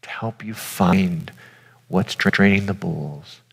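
A man's voice: low voice, takes it slowly, creaky, husky. A man giving an earnest, informal sermon, speaking directly to his audience. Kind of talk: conversational sermon. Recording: long hall reverb.

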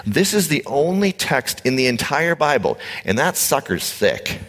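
A man preaching a conversational sermon, animated, blunt and joking with his congregation. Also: mid-range voice, measured pace. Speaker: pastor. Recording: echoey hall reverb.

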